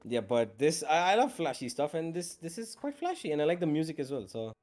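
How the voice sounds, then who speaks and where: A man casting a live esports match, excitable and rising to shouts on big plays. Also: a little high, brisk. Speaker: esports caster. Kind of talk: live play-by-play commentary.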